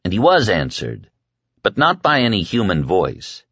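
A man reading an audiobook in a measured, dark storytelling manner. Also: fairly low pitch, huge pitch swings, breathy edge, no room sound. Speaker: audiobook narrator. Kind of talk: scripted audiobook narration. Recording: dry dull lo-fi audio.

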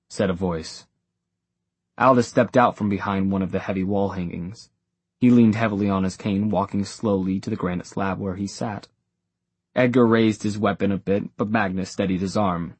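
A man narrating an audiobook in a measured, even storytelling way, with a husky voice. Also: low voice, no room sound. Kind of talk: scripted narration.

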